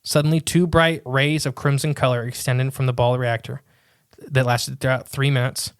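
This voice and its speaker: A man co-hosting a casual podcast, chatting in a rambling way and reading quotes aloud haltingly. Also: mid-range voice, level tone, clean tone, no room sound, clean studio sound. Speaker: podcast co-host.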